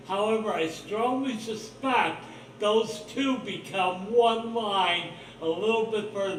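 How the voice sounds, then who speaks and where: His voice sitting high, a livestream host rambles bluntly and profanely, suspicion running through the whole monologue. It's recorded from a distance, off-mic, with a roomy echo and faint ambience.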